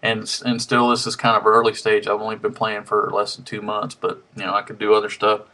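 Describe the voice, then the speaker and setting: A man's voice: fairly low pitch, completely flat delivery, fairly quick, heavy background noise. Rambling man with a drawl. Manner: rambling, many ums and restarts. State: slightly out of breath. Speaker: harmonica hobbyist vlogger. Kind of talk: casual webcam vlog. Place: home room. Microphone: webcam mic.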